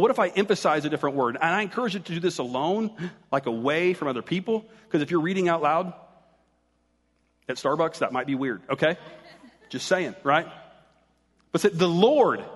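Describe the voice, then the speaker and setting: A male pastor delivers a sermon in an easy, chatty manner, joking with his congregation now and then. His voice sits a little higher than most men's. The sound carries the long reverb of a church hall. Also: slightly rough.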